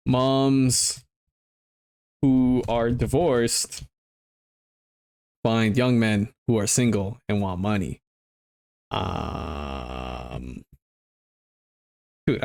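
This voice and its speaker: A man's voice: lowish voice, darkish tone. A man hosting his own show, talking loosely in a rambling, joking monologue with some swearing. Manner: loose, joking and profane, often trailing off into asides. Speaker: vlogger host.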